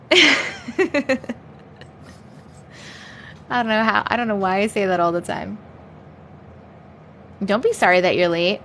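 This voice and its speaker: A woman's voice: medium pitch, slow pace, pauses often, fairly bright tone, a little hiss or hum. A young adult woman hosting a casual livestream chat from home, chatty, laughing often and swearing freely. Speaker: livestream host.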